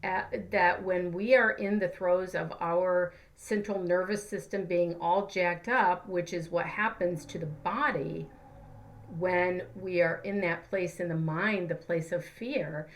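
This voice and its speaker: A woman's voice: on the low side, steady tone, measured pace. A woman, a life coach and therapist, giving a casual spiritual teaching talk in an earnest, conversational way. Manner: earnest, conversational, acts out examples in her own voice.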